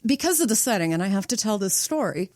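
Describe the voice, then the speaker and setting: Guest writer: woman from Nebraska, emphatic, blunt, mid-pitched, dry. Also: sing-song, fast talker, darkish tone, no echo. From United States (Nebraska). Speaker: screenwriter and author guest. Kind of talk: casual podcast chat.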